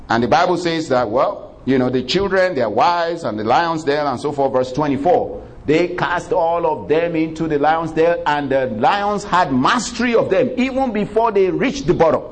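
A male preacher telling a story in a sermon, animated and conversational, laughing often and breaking into exclamations of praise. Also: on the high side, moderate pace. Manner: conversational, many fillers.

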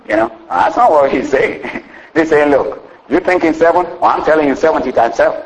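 A man's voice: animated, brisk, rough recording. A man preaching a sermon in a folksy way, often saying "you know" and laughing as he explains, acting out the scripture's dialogue. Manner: acts out the scripture's dialogue with jumps in pitch.

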